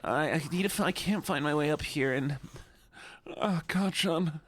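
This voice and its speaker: A man's voice: fairly high pitch, normal speed, fairly bright tone. A man hosting a casual gaming stream, giggly, easily distracted and playfully whiny. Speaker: streamer and host.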